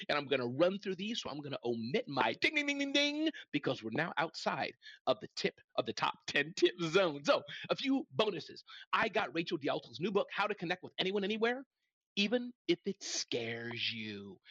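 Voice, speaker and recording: A middle-aged man hosting a live business talk, energetic and folksy, speaking straight to his listeners. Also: a little high, no echo, dull audio. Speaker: host.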